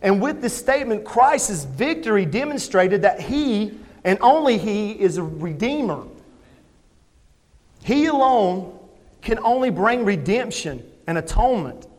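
A man's voice: sits high, sing-song, unhurried. A man, preaching a sermon as pastor, earnest and emphatic, putting questions to the congregation. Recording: long hall reverb.

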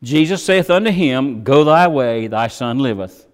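With an animated, unhurried delivery, a preacher dramatically acts out the characters he quotes, his pitch and volume rising and falling. The sermon echoes with long hall reverb.

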